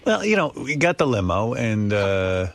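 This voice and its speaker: A male radio host spins a frustrated story, his voice swinging widely up and down as he gets wound up. He swears freely and keeps restarting his sentences. His pitch sits in an ordinary middle register. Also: very animated, moderate pace, vocal fry, slight background noise. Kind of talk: animated storytelling.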